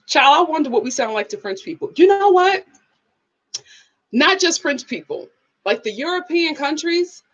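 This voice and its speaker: A woman hosts a live review stream, her fairly high voice swinging widely in pitch. She chats casually, laughs a lot and reads viewer comments aloud. The stream audio sounds dull and lo-fi. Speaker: live show host.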